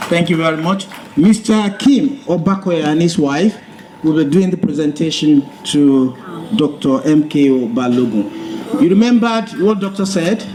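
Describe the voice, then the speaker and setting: A man's voice: fairly high pitch, moderate pace, crowd noise. A man hosting a live event and rousing the audience. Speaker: master of ceremonies.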